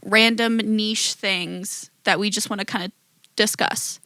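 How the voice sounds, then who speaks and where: A woman co-hosting a podcast, telling stories in an animated, expressive casual chat. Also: medium pitch, a little slow, no echo, poor audio. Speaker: podcast co-host.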